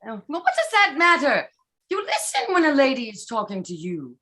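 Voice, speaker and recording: A woman's voice: high voice, huge pitch swings, moderate pace, bright, forceful tone, exaggerated voice. Woman playing a chatty teasing young wife. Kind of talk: stage play reading.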